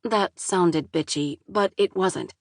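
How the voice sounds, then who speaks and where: A woman's voice: fairly low pitch, slow pace, no echo, clean studio sound. A woman narrating a first-person novel in a wry, exasperated voice, with casual swearing. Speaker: audiobook narrator.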